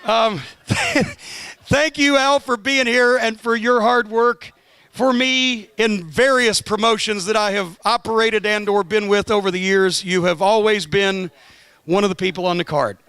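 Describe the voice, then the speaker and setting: A man giving a profane, sardonic roast speech, telling a comic road story with building excitement. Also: high-pitched, unhurried, clean tone, dry recording. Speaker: roast guest of honor.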